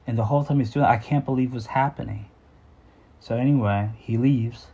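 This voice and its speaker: A middle-aged man recounts a story from his own life in an unscripted, earnest way. His voice is husky and sits at an ordinary pitch, and he halts and restarts often, sighing between thoughts. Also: mellow, muffled recording. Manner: halting, with frequent fillers and restarts. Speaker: memoir storyteller.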